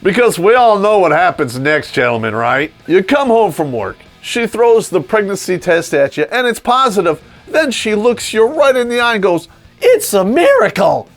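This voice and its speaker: Man ranting sarcastically, very animated pitch. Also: normal speed, hardly any pauses, soft background music. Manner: crude, sarcastic, laughing asides. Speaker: vlog host. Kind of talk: ranting comedic monologue.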